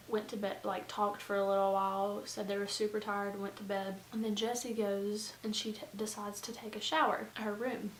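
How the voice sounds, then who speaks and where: A woman's voice: mid-range voice, reverberant, a little hiss or hum, poor audio. A young woman telling a casual storytime as a vlogger, chatty and full of "like" and asides. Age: young adult. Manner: chatty, lots of "like", rambling asides.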